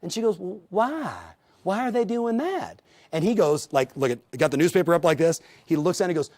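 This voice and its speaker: A man's voice: high-pitched, expressive, fairly quick, a little mellow. A man coaching real estate agents in a motivational training talk, telling stories and speaking straight to the viewers. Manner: storytelling, addresses viewers directly, acts out quoted voices.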